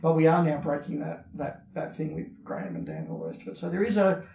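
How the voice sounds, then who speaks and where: Australian man, fairly high voice, casual podcast chat, opinionated, echoey dull room recording. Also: quick pace, vocal fry, mellow, slight background noise. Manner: chatty, opinionated, repeats words when starting. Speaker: podcast co-host. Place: hotel room.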